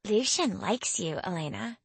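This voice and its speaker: A woman voicing a gentle teenage girl who speaks in a soft, consoling way. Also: high-pitched, moderate pace, no room sound, voice pushed up. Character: kind, soothing teenage girl.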